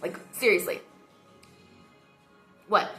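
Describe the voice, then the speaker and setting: A woman's voice: slow pace, fairly bright tone, faint music behind. A woman venting heatedly into her phone camera, swearing often as she talks. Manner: heated and emotional, frequent swearing. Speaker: vlogger. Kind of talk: casual rant to camera.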